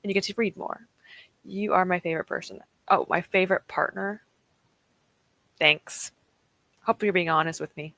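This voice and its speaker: A young woman hosts a reading stream from her home desk, chatting casually with viewers and their live chat, giggling and laughing often as she reacts to messages. Her voice is lowish and creaky with a sharp tone and fairly even intonation. She talks at a moderate pace, pauses often, and the recording is dry.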